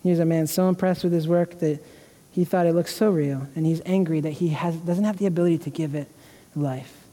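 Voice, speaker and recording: High-voiced preaching man in a reverberant church. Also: fairly even intonation, brisk, warm tone. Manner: earnest, emotional preaching with repeated restarts. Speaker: pastor. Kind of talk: sermon. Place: church sanctuary.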